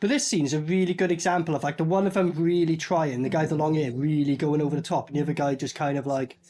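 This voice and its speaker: A man's voice: on the high side, fairly even intonation, fast talker, warm tone, soft background music. A man giving a sarcastic, swearing commentary while a cheap movie plays. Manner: sarcastic, swearing, talks over the film. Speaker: movie reviewer. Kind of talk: casual film commentary.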